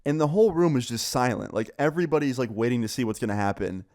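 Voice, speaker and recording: A young man casually telling a school story, animated and swearing, acting out what others said. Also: medium pitch, fast talker. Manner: animated, swearing, acts out quoted voices. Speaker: storyteller vlogger.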